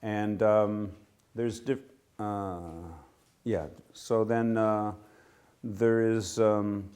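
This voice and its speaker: A man leading an informal live class in a temple room, with a relaxed, halting manner and frequent self-corrections. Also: on the low side. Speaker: music teacher leading a class.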